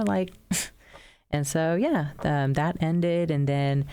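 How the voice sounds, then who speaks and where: A woman in her thirties tells stories in a casual podcast chat. Her voice has a gravelly fry, and she talks in an animated way, laughing often and acting out the people in her stories. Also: low-pitched, unhurried. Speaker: podcast co-host, wrestler.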